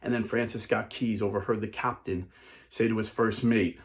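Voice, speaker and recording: A man's voice: lowish voice, fairly even intonation, normal speed. A man giving a dramatic storytelling speech, emphatic and acting out characters as he goes. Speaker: speaker.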